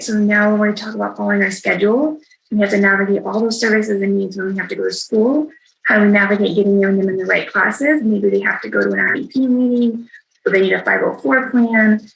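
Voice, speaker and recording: Woman trainer on a video call, kinda gravelly, chatty, keeps saying right?. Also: medium pitch, a bit bright, poor audio. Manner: conversational, frequent tag "right?". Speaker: trainer for kin caregivers. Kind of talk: virtual training talk.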